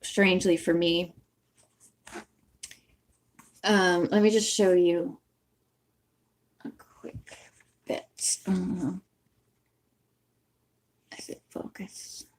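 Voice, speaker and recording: A woman's voice: on the low side, fairly even intonation, slow pace, long pauses, a little hiss or hum. A woman hosting a book-reading channel, chatting casually and rambling to her viewers and laughing at herself. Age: young adult or older, has owned a bookmark since the nineties. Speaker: channel host who reads books aloud.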